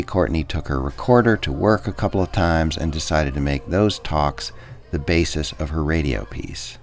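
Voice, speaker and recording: A man hosting a radio show, reading measured, scripted narration. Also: rumbling low.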